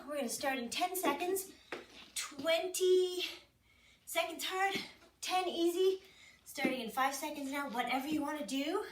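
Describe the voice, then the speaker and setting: High-voiced woman leading a workout. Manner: chatty, self-mocking, counts down and cues moves. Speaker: fitness instructor. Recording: echoey room, mic at a distance, noisy.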